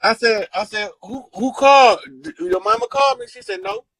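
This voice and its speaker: A man telling stories in a casual chat, animated and profane, acting out the people he quotes. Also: extremely high pitch, normal speed, gravelly, low-quality recording. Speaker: guest storyteller. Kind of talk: casual storytelling.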